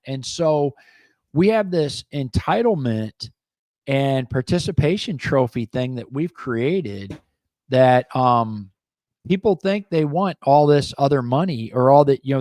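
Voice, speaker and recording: A middle-aged man co-hosting a local talk show, speaking bluntly in animated, opinionated casual chat and acting out the people he quotes. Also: mid-range voice, unhurried, no echo. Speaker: co-host and business owner.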